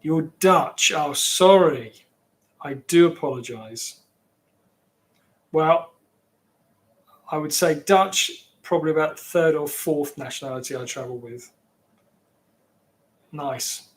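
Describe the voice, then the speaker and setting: With a high-leaning voice, this English-accented streamer speaks slowly and pauses often. He rambles in a casual way, chatting and responding to his viewers.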